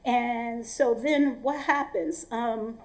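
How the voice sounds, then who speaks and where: Slow, candid woman telling a story on stage. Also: a little high, steady tone. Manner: casual, candid, with fillers and repeated words. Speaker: storyteller at a live show. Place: stage at a live storytelling event.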